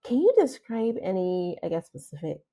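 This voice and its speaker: A woman hosting a podcast interview, telling her own stories in an animated way and acting out quotes. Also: lowish voice, normal speed, vocal fry. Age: adult mother. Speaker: podcast host. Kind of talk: casual interview chat.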